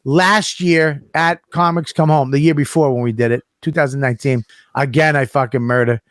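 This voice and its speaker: A man telling a road story in casual chat, profane and animated, acting out the people he quotes. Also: a little high, normal speed, no echo. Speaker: comedian guest.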